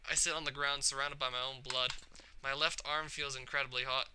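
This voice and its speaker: A man's voice: mid-range voice, level tone, a little fast, background noise, lightly acted. A man reading aloud as a troubled, shy teenage girl from a visual novel, emotional, his voice climbing into cries. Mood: anguished.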